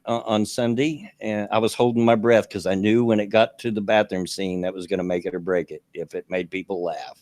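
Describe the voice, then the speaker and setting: A man's voice: fairly low pitch, dry recording, studio quality. An older man with a Southern US accent, hosting a casual talk show, stammering and laughing as he rambles. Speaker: podcast host. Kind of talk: casual chat.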